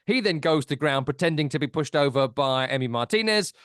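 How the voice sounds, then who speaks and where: Casting: wry male podcast co-host, slightly high pitch, dry close-mic sound. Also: lively intonation, fairly quick, fairly bright tone, clean tone, no room sound. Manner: dry, wry storytelling, listing events. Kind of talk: casual football chat.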